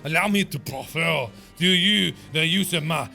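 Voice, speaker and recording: A man voicing a pompous, slow-talking male detective with a put-on French accent. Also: fairly high pitch, gravelly, sharp tone, soft background music, exaggerated voice. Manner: slow, grand, theatrical.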